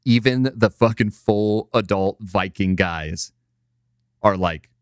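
A man's voice: fairly low pitch, takes it slowly, dry recording, studio quality. A man in casual chat on a podcast, retelling an anime scene in a loose, profane, filler-heavy way. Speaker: podcast co-host.

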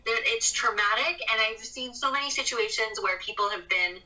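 A woman's voice: on the high side, moderate pace, sharp tone, distant mic, poor audio. A woman in casual chat, speaking bluntly and opinionatedly, swearing freely.

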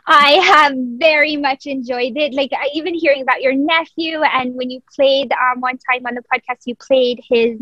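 A woman with a high voice talks as a podcast guest and a longtime listener of the show. She sounds enthusiastic and laughs often. The sound is dry and close. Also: moderate pace, hardly any pauses, sharp tone, dry recording, highs cut off. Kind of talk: casual chat.

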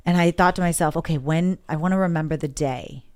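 In a relaxed chat, a woman recounts something from her own life, her voice low, resonant and smooth, moving a little fast. She doesn't hide her emotions and speaks candidly, often performing the lines she and other people said.

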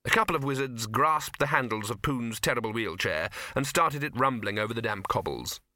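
Brief: male audiobook reader, animated and bright, dry close studio sound. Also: mid-range voice, brisk, no room sound. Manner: expressive, comic storytelling. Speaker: audiobook narrator. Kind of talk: scripted narration.

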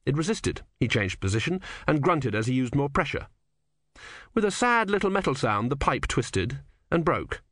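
A man reading an audiobook in a measured, wry storytelling manner. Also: medium pitch, big pitch swings, fairly bright tone, no echo, clean studio sound. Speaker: audiobook narrator. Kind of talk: scripted narration.

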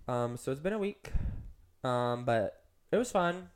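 A man's voice: mid-range voice, lively intonation, a little slow, clear, resonant tone. A man co-hosting a podcast in casual chat, rambling with lots of "like" and "um". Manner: rambling, heavy use of "like" and "um". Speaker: podcast co-host.

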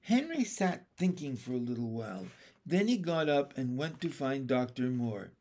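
A man narrating a children's chapter book aloud, reading slowly and expressively. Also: medium pitch, big pitch swings, warm tone.

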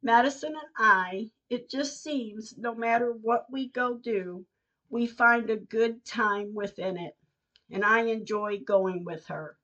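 A woman's voice: fairly high pitch, takes it slowly, bright, forceful tone. An older woman, a podcast host, reading her personal diary entries aloud in an earnest, heartfelt way. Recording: dull lo-fi recording.

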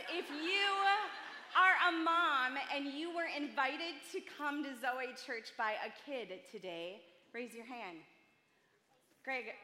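Chatty bright-voiced woman preaching in a hall. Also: high-pitched, slight background noise. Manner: chatty, self-deprecating, earnest. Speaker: church speaker. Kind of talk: sermon. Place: large church hall. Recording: echoey church hall, long reverb.

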